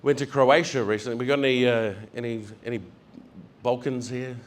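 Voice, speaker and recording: A man's voice: mid-range voice, steady tone, a little fast. A heavyset man doing stand-up comedy, telling travel stories, acting out voices and laughing along.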